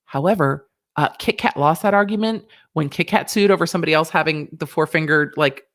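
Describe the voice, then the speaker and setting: A woman's voice: low voice, brisk. A woman hosting a casual livestream about a legal case, chatty and sassy with joking asides. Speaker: legal commentary host.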